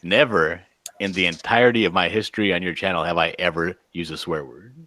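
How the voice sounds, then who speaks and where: A man's voice: sits low, a little fast, bright, forceful tone. A man who is a guest on a live stream, chatting casually and teasing in a mock-offended way. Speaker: guest artist.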